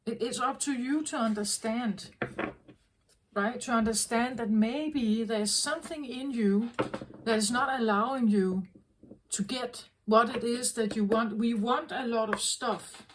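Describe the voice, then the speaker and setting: A woman tarot reader talking in a slow, earnest, reflective way, often repeating herself as she works through a thought. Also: fairly high pitch, a little hiss or hum, rough recording. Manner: slow, repetitive, earnest, self-correcting. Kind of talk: reflective spoken reading.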